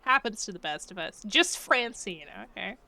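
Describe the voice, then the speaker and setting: A woman streamer chatting casually with her live chat, playful and giggly, often laughing and sometimes dropping into quiet mumbled asides. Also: mid-range voice, lively intonation, normal speed.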